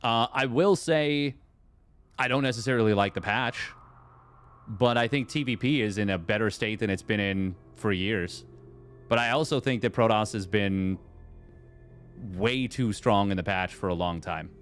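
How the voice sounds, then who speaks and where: A man's voice: fairly low pitch, moderate pace, fairly bright tone, soft background music. A man casting a strategy game tournament on a live stream, chatting with viewers and rambling through fillers and restarts. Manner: rambling, reads and answers chat, many fillers and restarts. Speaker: esports caster. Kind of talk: live stream commentary and chat.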